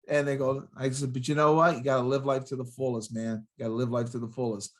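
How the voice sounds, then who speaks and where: A man in his sixties, a guest motivational speaker on a podcast, talking in an excitable, punchy way with rhyming catchphrases and jumping from story to story. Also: medium pitch, fast talker, hardly any pauses. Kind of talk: energetic podcast interview.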